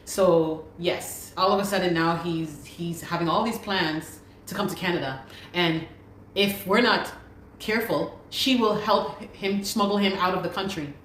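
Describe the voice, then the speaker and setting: A woman's voice: fairly low pitch, measured pace, a bit bright, a little hiss or hum. A woman telling her story as a guest, speaking urgently and repeating her pleas. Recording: echoey room recording.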